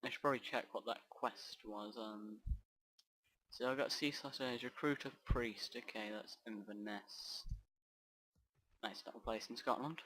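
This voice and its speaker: A man's voice: on the low side, unhurried, fairly bright tone, no echo, rough recording. A man giving rambling let's play commentary over a strategy game, often trailing off and restarting his sentences. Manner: rambling, off-track, self-interrupting.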